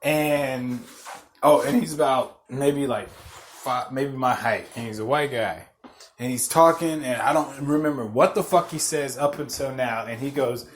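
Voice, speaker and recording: A man hosting a podcast, telling a story as a profane rant, swearing constantly, repeating himself and getting loud and worked up. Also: medium pitch, a little slow, slight background noise. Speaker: podcast host.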